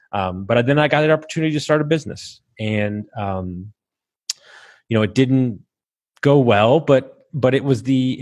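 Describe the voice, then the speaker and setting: A man in his thirties telling his own story on a podcast, rambling and halting, swearing freely and emotional at times. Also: fairly low pitch, no room sound. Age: 30s. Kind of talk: candid personal storytelling.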